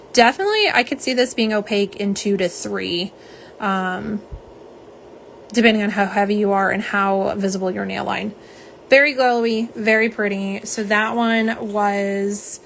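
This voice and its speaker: A woman's voice: mid-range voice, a little hiss or hum. A woman hosting a live nail polish swatch stream, chatting casually with viewers, greeting them by name and joking about herself. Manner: chatty, greets viewers, self-deprecating, says y'all.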